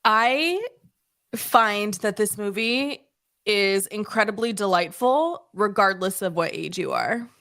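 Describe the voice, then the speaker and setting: A woman co-hosting a podcast in casual chat, talking expressively with quick asides. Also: mid-range voice, expressive, a bit bright, dry recording, studio quality. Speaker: podcast co-host.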